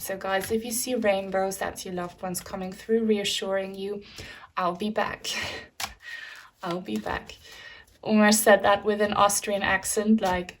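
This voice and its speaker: A woman's voice: mid-range voice, a little hiss or hum. A young woman giving a pick-a-card tarot reading to camera, chatty and filled with ums, addressing viewers as guys. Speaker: tarot reader.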